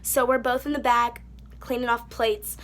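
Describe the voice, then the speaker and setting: A young woman telling a storytime vlog into her phone indoors, sassy and animated, with mocking quoted voices. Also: on the high side, moderate pace, slight background noise. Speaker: vlogger. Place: indoors by a wall.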